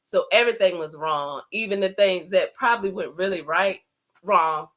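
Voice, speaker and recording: A woman hosting a casual livestream talk. She speaks conversationally, often asks "right?" and says "like", and acts out inner thoughts in an animated way. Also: fairly low pitch, normal speed. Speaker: host. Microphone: computer camera setup.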